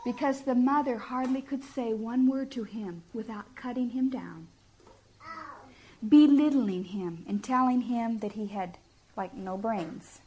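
A woman's voice: on the high side, measured pace, warm tone, slight background noise. A middle-aged woman giving a sermon-style talk to parents, earnest and homey, often putting questions to her listeners. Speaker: speaker at a family ministry talk.

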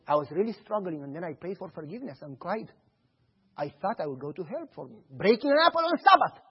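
A man preaching a sermon, telling stories in an animated way and acting out the dialogue. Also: high-pitched, fast, slightly rough, highs cut off. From Romania. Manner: animated storytelling, acts out dialogue.

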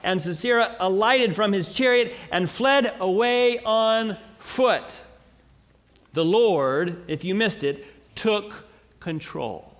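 A man preaching a sermon, reading scripture aloud and building to dramatic, slowly emphasized declarations. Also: high-pitched, a bit bright, long reverb tail. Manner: preaching with dramatic swells and slow emphatic pauses.

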